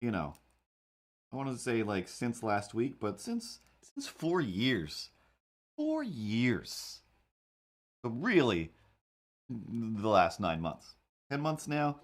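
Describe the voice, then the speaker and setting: A man's voice: mid-range voice, huge pitch swings, slow pace, long pauses. A man chatting casually while he draws, rambling in a wry, incredulous way. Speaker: cartoonist streamer. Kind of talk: casual chat while drawing.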